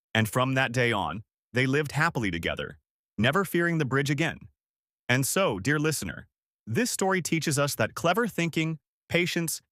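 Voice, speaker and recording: A man's voice: mid-range voice, a bit bright, no echo, studio quality. A man narrating a scripted bedtime fairy tale in a dramatic, sing-song way. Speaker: storyteller.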